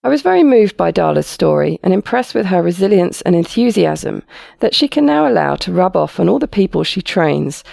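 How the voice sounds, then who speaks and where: Gravelly, lively-voiced woman podcast host. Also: fairly low pitch, brisk, dry recording, clean studio sound. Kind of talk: podcast intro and interview.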